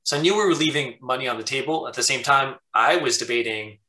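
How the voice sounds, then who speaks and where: A man's voice: mid-range voice, fast, bright, forceful tone, echoey room, slight background noise, rough recording. A man, a business owner being interviewed, talking candidly and with animation about running his company. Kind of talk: casual interview chat.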